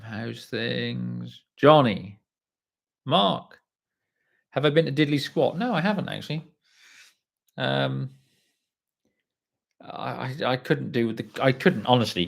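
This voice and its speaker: A man's voice: medium pitch, creaky, a bit bright. A man hosting a casual livestream, greeting viewers by name, swearing offhandedly, and sounding tired. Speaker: livestream host reading viewer comments. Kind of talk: casual live chat.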